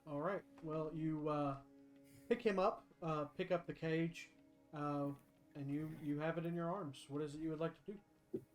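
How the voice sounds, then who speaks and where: A man's voice: a little high, steady tone, moderate pace, faint music behind. A man narrating a tabletop game as game master, casual with frequent fillers.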